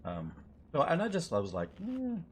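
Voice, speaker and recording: A male streamer talks through his game session in an easy, wandering way. His pitch swings up and down as he chats, and a faint hiss sits under his voice. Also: huge pitch swings, brisk. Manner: chatty, rambling, thinks aloud. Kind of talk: live gameplay commentary.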